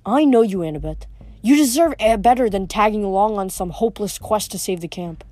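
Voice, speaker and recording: A woman reading the part of a smooth, scheming teenage boy villain in an audiobook, with a mocking manner. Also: medium pitch, brisk, mellow, no room sound, lightly acted. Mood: scornful.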